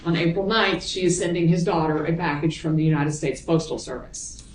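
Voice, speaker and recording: A woman's voice: low-pitched, fairly even intonation. Woman prosecutor reading evidence, roomy courtroom. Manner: measured, plain reading of emails.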